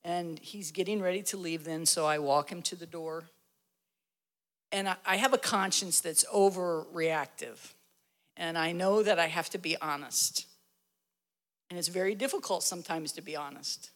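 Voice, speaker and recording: A woman's voice: on the low side, moderate pace, in a large hall. A woman telling a candid, self-deprecating story in a casual way.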